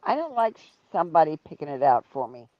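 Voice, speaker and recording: A woman chatting casually on a call to a friend's stream, rambling easily, slightly sick with a low fever. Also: very animated, fast, dry recording, lo-fi sound. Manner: easygoing, rambling small talk. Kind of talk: casual chat.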